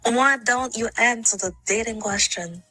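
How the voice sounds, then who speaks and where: A woman on a live call who speaks slowly and hesitantly, dodging questions and turning them back on the host. There is faint music behind her. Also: on the high side, pushed and bright, rough recording. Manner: evasive, defensive. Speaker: caller.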